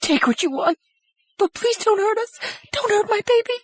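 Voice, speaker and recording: Brief: male narrator doing a terrified young mother for a thriller audiobook, very high and breathy, soft and tender. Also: takes it slowly, dry recording, full character voice. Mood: pleading, desperate. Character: terrified young mother, sleepy then pleading.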